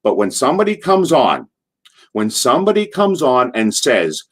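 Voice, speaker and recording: A man of medium pitch talks at a moderate pace, his slightly bright voice swinging hugely up and down. Interviewed as a guest, this retired wrestler from Allentown, Pennsylvania rambles through backstage stories, swearing casually and restarting his sentences.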